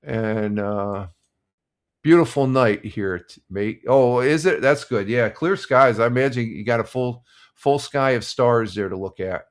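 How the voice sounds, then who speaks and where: An older man hosting a casual live stream, chatting in a relaxed, rambling way with lots of fillers and restarts. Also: mid-range voice, measured pace. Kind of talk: casual morning chat reading sports scores and viewer comments.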